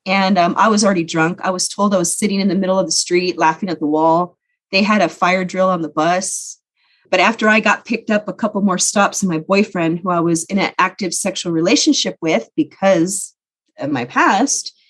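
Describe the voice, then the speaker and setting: A woman talking as a podcast guest, telling her own life story in a candid, earnest way. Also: medium pitch. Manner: candid, earnest recounting of painful memories. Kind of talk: personal storytelling.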